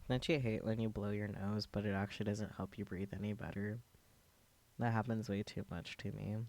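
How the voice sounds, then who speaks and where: A male streamer reads the narration aloud in a subdued, low voice, breaking off now and then for wry asides. His low register stays even throughout. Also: normal speed. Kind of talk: reading a visual novel aloud with asides.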